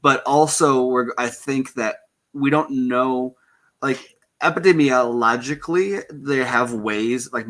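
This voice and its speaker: A man's voice: mid-range voice, bright, forceful tone. A man in a casual stream chat, talking things through thoughtfully with lots of ums and hedges.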